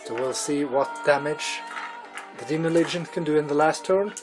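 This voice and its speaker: A man with a slightly raised voice narrates a tabletop wargame battle report, recapping each turn step by step. Clear music plays underneath him throughout. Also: a little high, moderate pace, rough recording. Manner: recaps turns and questions his co-player.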